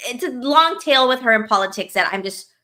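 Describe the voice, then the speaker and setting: A woman's voice: fairly high pitch, expressive, a little fast, bright, forceful tone. A woman co-hosting a podcast, ranting in casual chat, heated and profane, full of filler words. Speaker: podcast co-host.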